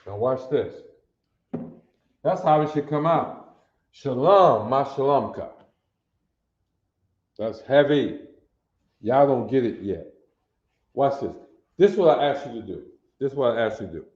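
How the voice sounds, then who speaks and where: A man with a Detroit accent teaching a Hebrew phrase class, talking slowly with slangy repetition and checking that his students follow. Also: mid-range voice, lively intonation, mellow. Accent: Detroit African American Vernacular English. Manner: slow, repetitive, street-slang teaching with call-and-response questions. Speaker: language teacher. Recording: echoey room, dull lo-fi sound.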